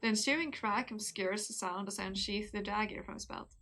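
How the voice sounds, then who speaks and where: A woman's voice: medium pitch, fairly quick, fairly bright tone. Giggly woman streamer reading a story. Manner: giggly, chatty with viewers. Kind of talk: casual live-stream chat and story reading.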